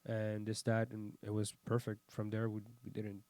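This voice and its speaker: Man, 30s, podcast guest; animated, profane storyteller, dry recording. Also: on the low side, moderate pace, no room sound. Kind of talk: casual chat.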